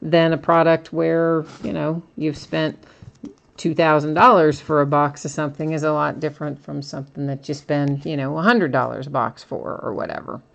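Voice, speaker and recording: Host, female, low-pitched, casual stream talk, rattles off card names, chats with viewers. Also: normal speed, vocal fry, highs cut off. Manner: casual, reads card names in a steady list, answers viewers by name. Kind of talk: live stream card opening with chat replies.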